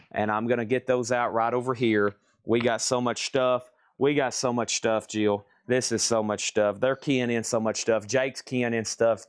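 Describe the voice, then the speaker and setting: Energetic man rattling off auction bids. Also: mid-range voice, no room sound, clean studio sound. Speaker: host selling records in a live online sale. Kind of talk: live sales stream patter. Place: indoor room full of record crates.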